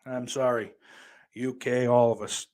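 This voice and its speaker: A man's voice: medium pitch, flat delivery, a little slow, darkish tone. Rambling, profane male podcast host. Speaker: podcast host reading live chat. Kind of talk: casual livestream chat.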